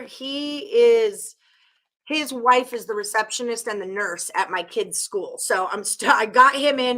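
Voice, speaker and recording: A woman's voice: fairly high pitch, sharp tone. A woman hosting a casual live-stream sports betting show, chatting to viewers in an upbeat, teasing way as she rattles off names and scores.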